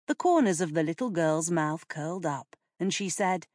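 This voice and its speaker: Slow, expressive woman narrator. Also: deep voice, no room sound, clean studio sound. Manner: expressive, deliberate. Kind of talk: audiobook reading.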